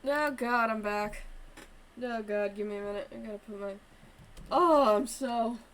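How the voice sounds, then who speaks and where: A woman's voice: a little high, unhurried. A woman streaming a game live, worked up and swearing as she chats. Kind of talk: casual live-stream gaming chat. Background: game music.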